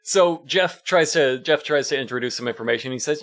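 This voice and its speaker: A man's voice: medium pitch, a little fast, hardly any pauses, fairly bright tone. A man co-hosting a podcast in casual chat, wry and amused, often breaking into laughter as he recaps a show. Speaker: podcast co-host.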